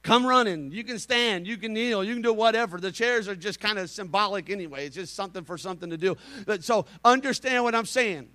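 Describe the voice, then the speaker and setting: Impassioned high-voiced man preaching. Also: fast, few pauses, dry recording. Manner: rising to shouted, impassioned preaching; calm, conversational instructions. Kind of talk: Pentecostal altar-call sermon. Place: church sanctuary.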